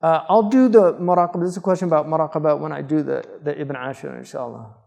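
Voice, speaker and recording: A man's voice: fairly high pitch, fast, vocal fry, warm tone. Man teaching in a reverberant hall. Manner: conversational, digressive, with frequent fillers. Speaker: Islamic scholar teaching. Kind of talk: informal lecture with questions.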